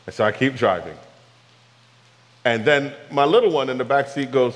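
A man's voice: medium pitch, normal speed, big-room sound, low-quality recording. A man preaching a sermon, telling a story and asking the congregation rhetorical questions. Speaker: pastor.

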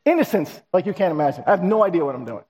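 A male pastor telling a story in a sermon, animated and acting out the dialogue. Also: sits high, rapid-fire. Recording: reverberant hall.

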